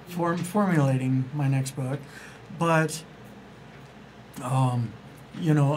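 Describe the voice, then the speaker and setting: A man's voice: fairly high pitch, darkish tone, a little hiss or hum, rough recording. A man guesting on a radio interview as an author, telling stories in a rambling, enthusiastic way and acting out the dialogue he quotes. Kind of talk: casual radio interview storytelling.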